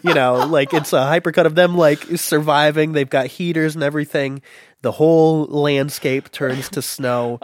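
A man's voice: mid-range voice, steady tone, dry recording. Man spinning a silly made-up plot. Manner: spins long silly made-up plots, puts on quick voices. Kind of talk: casual comedic chat.

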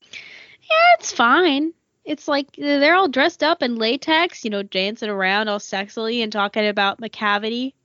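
A woman's voice: a little high, moderate pace, sharp tone, no echo, highs cut off. A woman co-hosting a podcast in casual chat, reacting often with short agreements. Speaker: podcast co-host.

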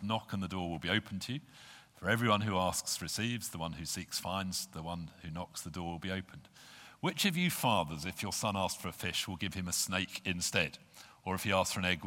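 A man's voice: low-pitched, pushed and bright. A man preaching an earnest sermon to a congregation, reading scripture aloud. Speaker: pastor. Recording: long hall reverb.

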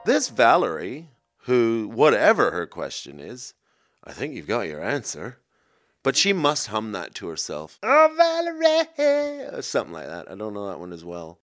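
A man hosting a comedy podcast, rambling excitably from one silly tangent to the next. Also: on the low side, normal speed. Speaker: podcast host. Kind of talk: rambling comic chat.

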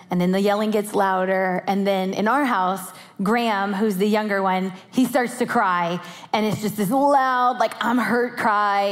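A woman telling a family story as part of a sermon, lively and animated, acting out her children. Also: medium pitch, in a large hall. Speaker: pastor's wife and co-speaker.

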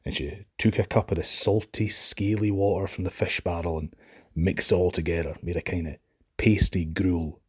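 A man with a Scottish accent telling a Shetland folk tale in a lively, expressive way. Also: low voice, moderate pace, breathy edge. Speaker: storyteller.

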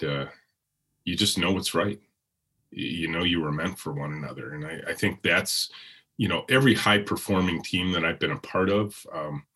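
Hoarse, low-voiced middle-aged man. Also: bright, forceful tone. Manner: rambling, with frequent restarts and fillers. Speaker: interview guest. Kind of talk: reflective conversational interview.

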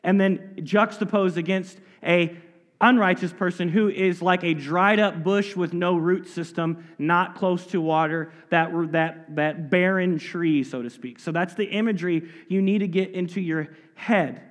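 A man preaching an expository sermon, reading scripture aloud and then driving his points home with emphatic asides and sudden quiet drops. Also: high-pitched, measured pace. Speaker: pastor. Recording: long reverb of a large hall.

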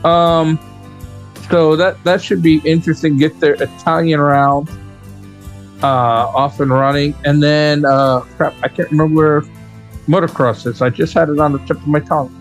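A man's voice: a little high, little pitch movement, normal speed, faint music behind. A man hosting a casual racing talk show, rambling with fillers and restarts and laughing often. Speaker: radio show host. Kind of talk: casual chat.

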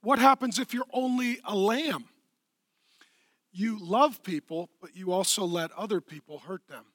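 A middle-aged man preaching a lively, playful sermon in a church, swinging from hushed tones to shouting. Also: high voice, measured pace, dry recording, studio quality. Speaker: pastor. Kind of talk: energetic comedic sermon.

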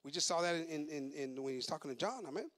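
A man preaching a bilingual sermon, switching between English and Spanish, repeating words as he goes and building up to shouts. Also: on the high side, animated, fast.

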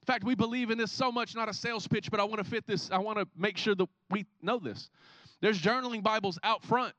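Bright, high-voiced man preaching. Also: brisk, dry recording. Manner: animated storytelling, acts out scenes. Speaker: pastor. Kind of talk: sermon. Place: church.

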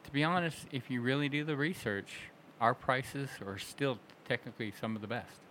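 A man chatting on a panel, animated and quick to laugh, often restarting his sentences. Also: medium pitch, a little hiss or hum. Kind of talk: casual panel chat.

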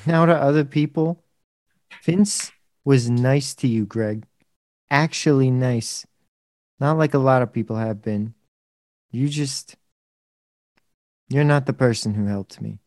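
Guy playing a fed-up sidekick, slow and upset, dry close sound. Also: mid-range voice, darkish tone, dry recording. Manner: upset, pleading.

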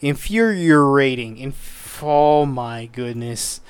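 A man's voice: medium pitch, lively intonation, very slow, clear, resonant tone, no room sound. A man hosting his own podcast, rambling casually with lots of profanity, stumbling over words and getting exasperated. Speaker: podcast host. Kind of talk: casual solo podcast review.

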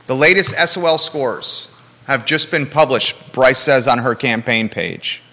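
A man's voice: medium pitch, unhurried, pushed and bright, in a large hall. A man hosting a live local talk show, blunt and emphatic, with joking asides.

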